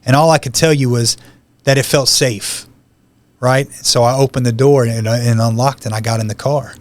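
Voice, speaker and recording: A man in the guest seat of a podcast, telling his own story in plain, conversational speech. His pitch sits in an ordinary middle range, and he briefly acts out the lines of the people he meets. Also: steady tone, moderate pace. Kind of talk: personal testimony.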